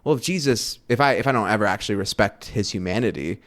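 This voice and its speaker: A man co-hosting a podcast, telling animated anecdotes in casual conversation, with many fillers and restarts. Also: on the low side, quick pace. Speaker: podcast co-host.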